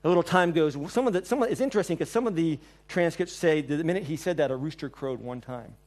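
A male preacher delivers a sermon in church, with a voice pitched a little above the usual. He is a lively storyteller who acts out the lines he quotes. His loudness rises and falls between forceful and hushed. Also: fast. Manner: animated storyteller, acting out quotes, swings between loud and soft.

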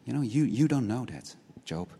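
This earnest preacher's medium-pitched voice is dark, husky, and creaky, with lively intonation and a moderate pace. He repeats words as he restarts and drives points home with rhetorical questions like "right?", his voice echoing with long hall reverb.

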